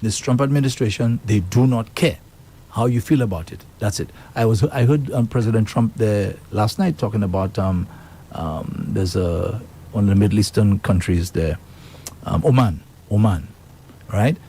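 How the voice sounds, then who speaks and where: A man's voice: fairly low pitch, normal speed, warm tone, husky. A man hosting a talk radio show, speaking, emphatic and indignant as he reads out and comments on news.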